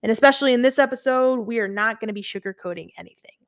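A woman's voice: on the high side, very fast. A woman of twenty-one hosting her own podcast, talking candidly and chattily about her own experiences, with plenty of fillers. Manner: candid, chatty, animated storytelling with many fillers. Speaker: podcast host. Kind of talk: solo podcast monologue.

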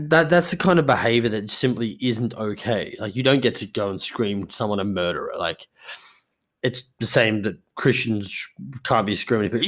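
A man's voice: fairly low pitch, fairly bright tone. A young man hosting a podcast, telling stories in a rambling casual monologue full of swearing. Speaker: podcast host.

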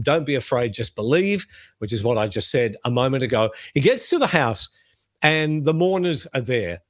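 A middle-aged man teaching the Bible on a podcast, telling the stories in a lively way and reading scripture aloud. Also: medium pitch, no echo.

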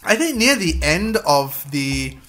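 A man co-hosting a podcast in casual chat, enthusiastic and swearing when excited. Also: on the high side, takes it slowly. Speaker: podcast co-host.

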